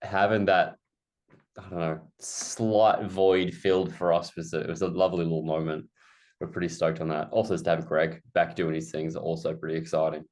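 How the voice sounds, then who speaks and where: A man with a low, deep voice co-hosts an interview show. He talks in a loose, rambling way and jokes as he goes. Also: normal speed. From Australia. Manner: relaxed, rambling, jokey. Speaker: podcast co-host. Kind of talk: casual interview chat.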